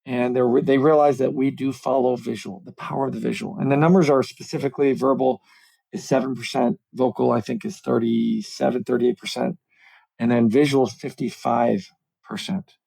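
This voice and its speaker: Gravelly and mid-range, this middle-aged man's voice comes through poor audio at a moderate pace. A communications coach guesting on a conversational podcast via video call, he speaks animatedly, explains things, and pokes fun at himself.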